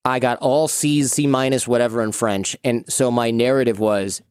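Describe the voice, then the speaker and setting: A man's voice: medium pitch, smooth, no room sound. Dry-voiced American storyteller man. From United States. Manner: lively storyteller, quick asides. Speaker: podcast guest. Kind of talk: storytelling interview.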